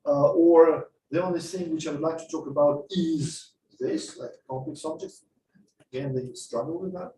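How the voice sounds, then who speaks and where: A man's voice: a little high, normal speed, echoey room, far from the mic, slight background noise, poor audio. A man giving a masterclass on speaking skills, explaining and acting out examples to a class. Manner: lively, explanatory, acts out examples. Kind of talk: masterclass lecture. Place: classroom or lecture hall.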